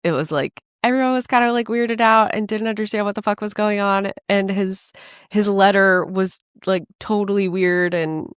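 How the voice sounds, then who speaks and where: A woman's voice: medium pitch, moderate pace, clear, resonant tone, dry recording, studio quality. A woman co-hosting a podcast, chatting casually and acting out the people in her stories. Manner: animated storytelling, acts out quoted people. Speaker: podcast co-host. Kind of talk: casual chat.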